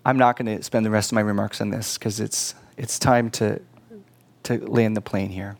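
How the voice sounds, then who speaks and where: A man's voice: fairly low pitch, steady tone, normal speed. A middle-aged man preaching a sermon in church, earnest and pleading, with casual asides to the congregation. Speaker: pastor.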